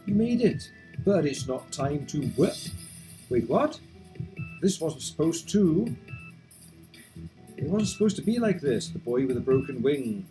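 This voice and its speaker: A man voicing a troubled, apologetic young girl in a game, lifting his voice higher than usual. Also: very animated, unhurried, pauses often, over music, low-quality recording. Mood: shaken. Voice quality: raised, lighter voice.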